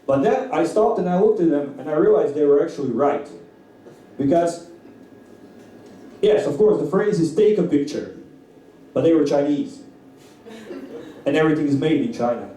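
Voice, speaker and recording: A man emceeing a stand-up show, with a mellow voice a little higher than most. He chats with the crowd and asks them questions. The sound is very echoey and picked up from a distance in the club, with a faint room hum. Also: animated, normal speed, long pauses. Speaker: comedy show host. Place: comedy club.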